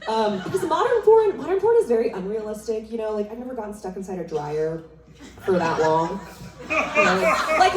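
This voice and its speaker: A young adult woman performing a stand-up comedy set on a live club stage, teasing the crowd in a conversational way. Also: mid-range voice. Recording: roomy, distant venue sound with crowd laughter.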